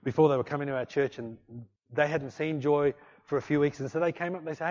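A man preaching a sermon, exhorting with repeated refrains and swinging between loud bursts and hushed passages. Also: medium pitch, fairly even intonation, fast talker, dull audio. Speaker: pastor.

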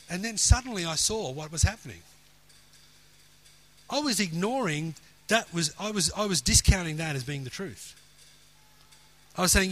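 A middle-aged man preaching a sermon, telling stories with earnest emphasis and dropping soft for quoted prayer. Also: on the high side, lively intonation, fairly quick, a little hiss or hum.

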